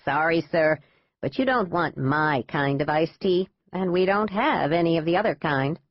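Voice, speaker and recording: A woman's voice: low voice, normal speed, dry recording. A woman playing a blunt older shopkeeper woman. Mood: dry, blunt. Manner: blunt, dry, falsely sweet. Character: tart older woman running an ice cream shop. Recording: dull dry lo-fi audiobook.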